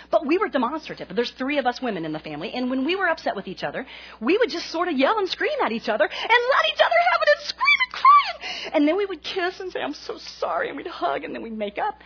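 A woman in her forties preaching a sermon to a congregation, an animated and self-mocking storyteller. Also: sits high, lo-fi sound, a little hiss or hum. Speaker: pastor's wife speaking to a congregation.

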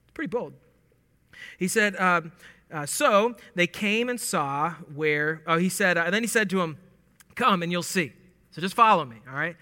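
A man with a high, very bright voice teaches through scripture in a relaxed, humorous way. He acts out the lines and laughs along. The sound carries a long reverb from a large hall. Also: normal speed. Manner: animated and joking, acting out lines with laughs. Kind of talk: casual verse-by-verse Bible teaching.

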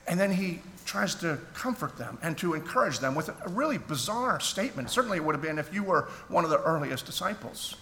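A man with a fairly high, bright, forceful voice preaches a sermon, earnest and conversational, restarting phrases as he goes. His voice carries a long echo through a church hall over faint background noise. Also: big pitch swings, fairly quick, hardly any pauses. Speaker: pastor.

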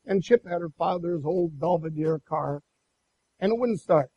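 A man preaching a sermon and telling a personal story in an animated way, with many restarts. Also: fairly high pitch, normal speed, breathy edge, lo-fi sound. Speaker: pastor.

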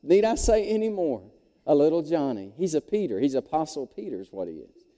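A man's voice: on the high side, fairly quick. A middle-aged man preaching a sermon as a pastor, storytelling and calling out to the congregation. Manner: animated storyteller, audience call-outs. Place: church sanctuary, long reverb. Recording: echoey hall.

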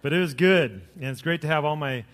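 A middle-aged pastor delivers a sermon full of jokes and stories, pressing his points with lively emphasis at a brisk pace. His voice is fairly high for a man, and the sound carries the long reverb of a large hall.

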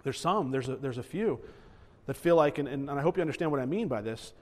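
A man's voice: medium pitch, expressive, fast, a little mellow. A man preaching a sermon as pastor, earnest, often repeating words as he builds a point. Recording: echoey hall reverb.

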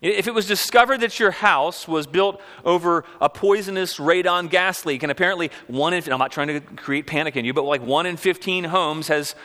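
A male pastor delivers a sermon in a relaxed, talky way, building his points through question after question. His voice is bright and sits a little high for a man. The sound carries a long reverb, as if from a large hall. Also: moderate pace, hardly any pauses. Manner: conversational, rhetorical questions, animated.

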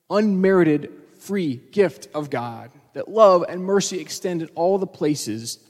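Earnest pastor, church reverb. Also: male voice, high-pitched. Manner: earnest, conversational preaching. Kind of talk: sermon. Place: church sanctuary.

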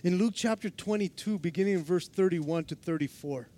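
A man preaching a sermon as pastor, laughing often and acting out quotes, moving from loud to hushed. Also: high voice, fairly quick.

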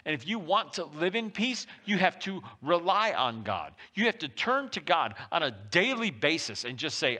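Man preaching a sermon, lively rising and falling pitch, bright forceful tone, casual and then loud. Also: normal speed, few pauses. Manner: lively, conversational preaching with sudden loud pushes and soft drops. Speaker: pastor. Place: church.

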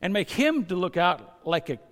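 A man preaching a sermon as pastor, earnest and building to loud, emphatic stresses. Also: high voice, very animated, moderate pace, in a large hall.

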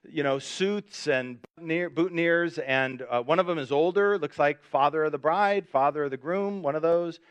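A middle-aged male pastor tells a story from the pulpit in a slightly high, lively voice, acting out each voice in it. The sound is close and dry, with no room echo. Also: moderate pace, hardly any pauses, smooth. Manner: animated, self-mocking storyteller acting out dialogue. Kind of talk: sermon storytelling.

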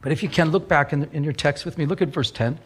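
A man's voice: a little high, fast talker, husky. A man preaching a sermon as a pastor, rambling and often repeating words as he restarts.

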